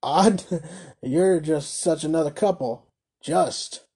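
A man's voice: on the high side, takes it slowly, husky, exaggerated voice. A man voicing a scornful, sarcastic middle-aged toy merchant who talks brusquely in a storybook reading. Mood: sly. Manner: brusque, scornful, loud outbursts.

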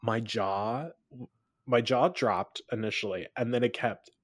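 A man hosting a podcast, chatting casually about a film, animated and laughing as he acts out his reactions. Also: medium pitch, a little slow, dry recording, studio quality. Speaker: podcast host.

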